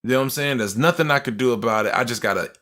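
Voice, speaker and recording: A young adult man co-hosting a podcast, telling a personal story in animated, slangy casual talk. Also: mid-range voice, racing. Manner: animated storytelling, slangy, acts out quoted voices. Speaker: podcast co-host.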